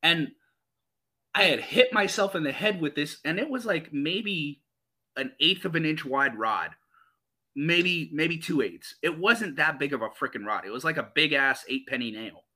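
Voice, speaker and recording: A man hosting a podcast, telling animated, profane stories in casual chat. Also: fairly high pitch, normal speed. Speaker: podcast host.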